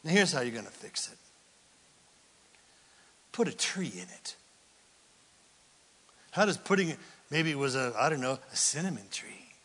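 A man preaching a sermon, animated and casual, acting out Bible scenes in everyday voices. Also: medium pitch, normal speed, long pauses, breathy edge, in a large hall. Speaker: pastor.

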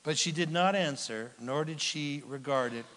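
Dramatic preacher in an echoing hall. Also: male voice, on the high side, moderate pace. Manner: dramatic, swings from loud to whispered. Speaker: pastor. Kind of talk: sermon. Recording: long hall reverb.

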